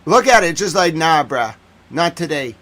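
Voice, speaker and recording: A man giving excitable live commentary on footage as a streamer, slangy and repetitive, swinging between hushed and loud. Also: fairly high pitch, moderate pace. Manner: slangy, repeats phrases.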